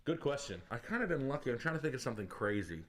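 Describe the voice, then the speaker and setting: A man's voice: mid-range voice, big pitch swings, fast talker. Profane, laughing male storyteller. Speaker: podcast host. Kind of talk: casual storytelling chat.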